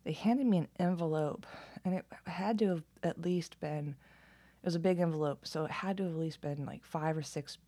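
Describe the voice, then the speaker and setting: Low, husky-voiced woman tarot reader. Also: normal speed. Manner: soft, musing, partly whispered. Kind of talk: casual card reading and reading aloud.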